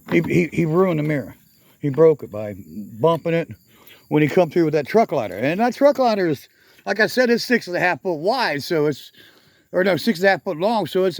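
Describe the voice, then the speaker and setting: A man's voice: a little high, a little mellow. A middle-aged man chatting casually in a garage vlog outdoors, rambling and correcting himself with frequent chuckles. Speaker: garage channel vlogger.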